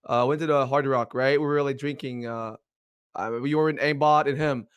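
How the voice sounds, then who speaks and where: A man in casual podcast chat, excitably retelling a story and mimicking a friend. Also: mid-range voice, normal speed, smooth, dry recording, muffled recording.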